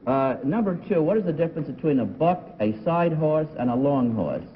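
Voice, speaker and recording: A man's voice: a little high, lively intonation, brisk, very noisy. A man on a 1950s TV game panel, joking and hesitant with many uhs. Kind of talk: TV panel questioning. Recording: 1950s TV broadcast, dull with long reverb.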